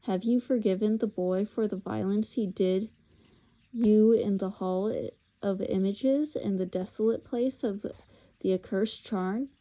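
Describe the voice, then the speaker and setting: A woman's voice: mid-range voice, warm tone, natural voice. Woman voicing Aslan, a solemn lion king. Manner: measured, grave, formal. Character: wise noble lion king, solemn and kind.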